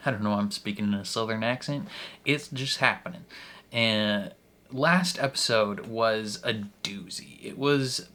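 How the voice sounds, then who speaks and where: A man's voice: fairly low pitch, measured pace, sharp tone. Chatty young man hosting a reaction. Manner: rambling, jokey, laughs between phrases. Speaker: reaction channel host. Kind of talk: casual chat to camera.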